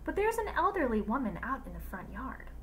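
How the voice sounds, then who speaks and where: A prim, deferential butler voiced by a woman reading aloud speaks with stiff courtesy. The voice is bright, with a faint hiss behind it. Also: a little high, sing-song, fairly quick, voice pushed up. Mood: polite. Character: polite, formal male butler. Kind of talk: read-aloud storybook voices.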